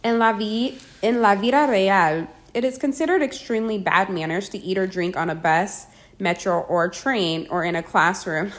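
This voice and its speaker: Woman, lesson narration, slow careful phrases, medium pitch. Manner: clear, deliberate, slows down for the phrases. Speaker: language teacher. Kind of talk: scripted language lesson narration.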